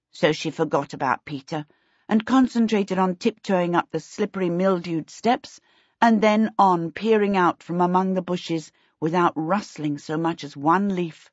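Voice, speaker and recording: A woman narrates a fantasy novel in a measured, even way. Her voice is low and husky. The sound is dry and a little dull. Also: no room sound. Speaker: audiobook narrator. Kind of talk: scripted narration. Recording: dull, dry lo-fi audiobook recording.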